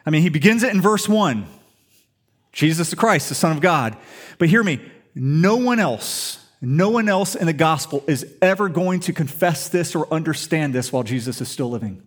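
A man's voice: fairly high pitch, lively intonation, normal speed. A man preaching a sermon in an emphatic storytelling way, full of rhetorical questions. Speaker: pastor.

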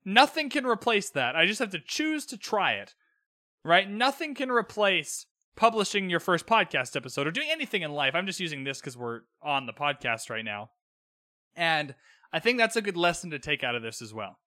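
A man's voice: fairly high pitch, big pitch swings, normal speed, sharp tone, no echo, studio quality. A young man hosting a podcast, recapping a TV episode in casual, sarcastic commentary and swearing freely. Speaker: podcast host. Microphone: own podcast microphone.

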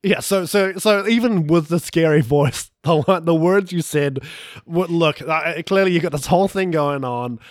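A man doing animated improv comedy, laughing and swearing often. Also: fairly high pitch, unhurried, hardly any pauses, no room sound, clean studio sound. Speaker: improv player.

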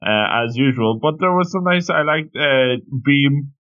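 A man's voice: medium pitch, animated, measured pace, a bit bright. A man co-hosting a manga podcast, chatting casually with short quips and loose slang. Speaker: podcast co-host. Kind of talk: casual chat. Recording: dull lo-fi sound.

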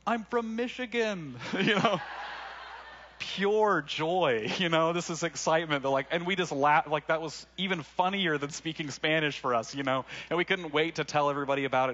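A man's voice: mid-range voice, fairly even intonation, fast, few pauses, fairly bright tone, muffled recording. A young man from Arkansas, preaching a sermon in a casual, conversational way with laughing asides. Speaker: pastor.

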